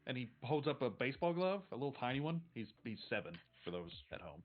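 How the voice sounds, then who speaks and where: A man narrating as game master of a tabletop game, relaxed and rambling. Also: mid-range voice, fast, muffled recording.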